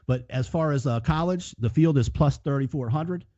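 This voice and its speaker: A man's voice: on the high side, moderate pace, warm tone, no room sound. A man co-hosting a sports betting podcast, rambling and profane with many restarts. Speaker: podcast co-host. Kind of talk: casual sports betting chat. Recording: dull lo-fi podcast audio.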